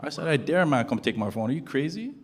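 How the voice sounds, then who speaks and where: Animated stand-up comedian from Toronto. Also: male voice, a little high, quick pace. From Toronto, Canada. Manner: animated storytelling, acts out quoted voices loudly. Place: comedy show before a live audience. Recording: loud audience noise and laughter.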